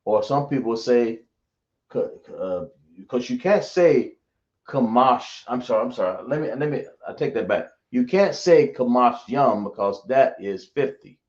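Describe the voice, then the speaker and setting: A man's voice: mid-range voice, animated, a little slow, darkish tone. Male teacher, drawling, quizzes the class, echoey dull room sound. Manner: drawling, self-correcting, asks the class questions. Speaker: Hebrew teacher.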